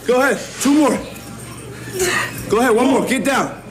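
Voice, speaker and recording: A man coaching hard in a gym, yelling and pushing the trainee on. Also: very high voice, sing-song, normal speed, pauses often, heavy background noise. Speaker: fitness coach. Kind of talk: shouted coaching. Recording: echoey gym with loud crowd.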